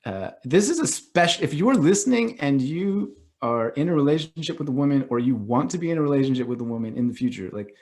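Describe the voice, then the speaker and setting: A middle-aged man talking as a podcast guest in casual conversation, animated and loose, leaning on "like" and acting out little quoted reactions. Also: mid-range voice, fast, hardly any pauses. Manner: animated, acts out quoted reactions, heavy use of "like".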